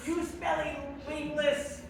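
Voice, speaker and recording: A young woman performing live improv comedy, teasing her partner with silly shouted insults and giggling. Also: sits high, flat delivery, takes it slowly, creaky, a little hiss or hum. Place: small campus theater stage. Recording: echoey theater, mic from a distance, loud audience. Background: loud audience laughter.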